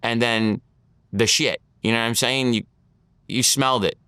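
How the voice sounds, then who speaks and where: A man's voice: mid-range voice, fairly even intonation, moderate pace, pushed and bright, smooth, dry recording. A man, an interview guest telling stories from his past in blunt street talk and acting out the quotes. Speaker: interview guest, former mob associate. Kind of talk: casual storytelling interview.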